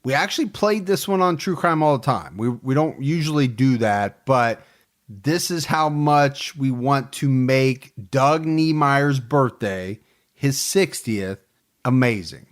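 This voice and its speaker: Male host, mid-range voice, relaxed and chatty, quick to laugh. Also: mid-range voice. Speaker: podcast host. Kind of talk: casual chat.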